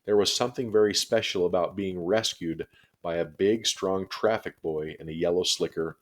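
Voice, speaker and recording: A man reading a children's chapter book aloud with steady, expressive storytelling. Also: deep voice, normal speed.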